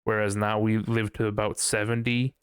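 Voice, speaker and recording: A man's voice: lowish voice, flat delivery, moderate pace, clean tone, no room sound, studio quality. A young man hosting a casual podcast, ranting profanely with a lot of laughter. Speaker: podcast host.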